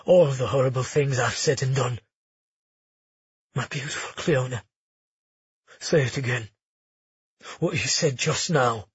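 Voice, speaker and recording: A man voicing a brooding dark prince in a low, intense, quiet audiobook character voice. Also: unhurried, long pauses, husky, dry recording, lo-fi sound. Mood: longing.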